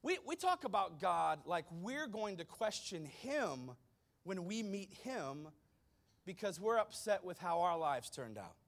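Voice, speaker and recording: Pastor guy preaching, kinda high voice, gets super dramatic, goes quiet then loud, talks right to the crowd. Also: sing-song, unhurried, creaky. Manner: dramatic, emphatic, swings from hushed to loud; addresses the congregation directly. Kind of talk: sermon.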